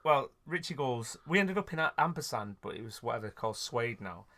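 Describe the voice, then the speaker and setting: A man's voice: medium pitch, animated, brisk, sharp tone. A man, hosting a podcast and telling a rambling, sweary story with frequent laughs. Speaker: podcast host. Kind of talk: casual storytelling chat.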